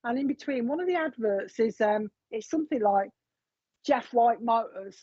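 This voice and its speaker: Husky woman, chatty psychic medium. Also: on the high side, expressive, a little fast, dark tone, no echo. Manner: chatty, relays spirit messages. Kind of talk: live reading on a streamed show. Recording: dull, lo-fi stream audio.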